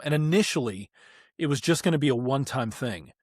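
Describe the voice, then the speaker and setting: A man hosting a podcast, speaking reflectively in casual conversation with pauses. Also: mid-range voice, expressive, dry recording, clean studio sound. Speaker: podcast host.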